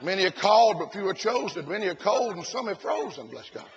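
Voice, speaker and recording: A man preaching a sermon at a conference, breaking into shouted lines and "bless God" asides. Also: sits high, lively intonation, fairly quick, dull audio, slight background noise. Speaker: pastor. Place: conference hall.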